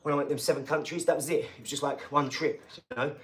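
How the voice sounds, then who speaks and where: A man chats to his live-stream audience in a loose, slangy way, calling out to viewers as he goes. His voice sits a little higher than most men's. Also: steady tone, quick pace, fairly bright tone, slight background noise. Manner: chatty and slangy, talking straight to the chat. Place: garage gym.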